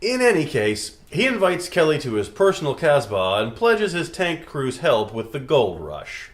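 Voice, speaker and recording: A man's voice: fairly high pitch, wildly swooping pitch, moderate pace. A man guesting on a comedy review show, recapping a film's plot in a wry, joking way. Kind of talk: comedic movie recap narration.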